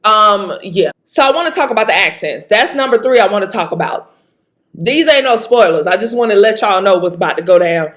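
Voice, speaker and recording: A woman's voice: mid-range voice, fairly quick. A woman from Mississippi with a Mississippi accent, chatting casually and emphatically as she reviews a movie. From Jackson, Mississippi. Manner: chatty, animated, emphatic, laughs often. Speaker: vlogger.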